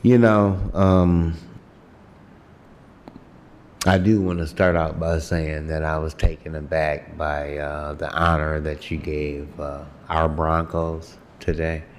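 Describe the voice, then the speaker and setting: A man giving a reflective, hesitant public comment at a city meeting, pausing often on fillers. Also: a bass voice, level tone, a little hiss or hum. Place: city commission chambers.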